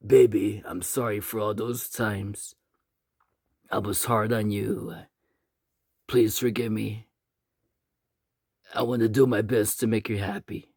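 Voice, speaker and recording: A remorseful old husband from a spoken story, voiced by a man. He talks quietly and slowly, subdued and apologetic. The sound is dry, with no room echo. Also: medium pitch, fairly even intonation, gravelly, husky.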